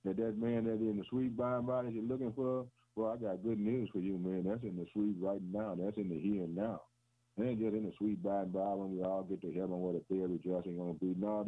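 A man preaching a sermon on the radio in a rhythmic, repetitive way, often calling his listeners "boy" and "man" and chuckling between phrases. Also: on the low side. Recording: tinny phone-like radio broadcast.

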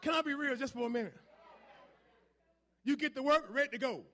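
High-voiced shouting preacher. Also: male voice, brisk. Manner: call-and-response preaching, rising to shouts. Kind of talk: sermon.

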